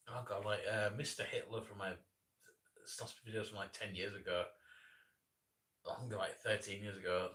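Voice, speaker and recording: A man in his thirties chats on a live stream in a rambling, self-deprecating way, often starting his sentences over. His tone is bright and forceful. He sits some way back from the mic, so the sound is distant. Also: fairly low pitch. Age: 30s. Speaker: animator and streamer. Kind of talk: casual live-stream chat.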